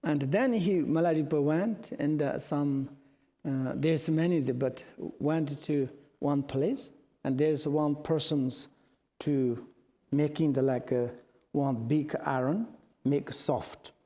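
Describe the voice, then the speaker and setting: A Buddhist teacher whose native tongue is Tibetan tells a teaching story in halting English full of restarts. His voice sits a little high but sounds mellow and relaxed. It carries the long reverb of a large hall.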